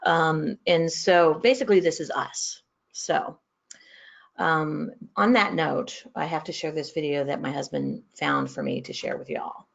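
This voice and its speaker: A woman's voice: low voice, unhurried, vocal fry. A woman from San Antonio, presenting a legal training webinar in a chatty, joking way. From San Antonio, Texas. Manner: chatty, self-deprecating, joking. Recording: slightly muffled online audio.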